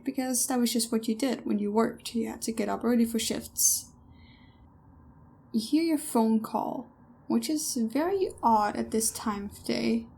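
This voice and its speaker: A woman runs a tabletop horror game as game master, narrating in a measured second person. She speaks slowly with a slightly high voice. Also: vocal fry, mellow, breathy edge.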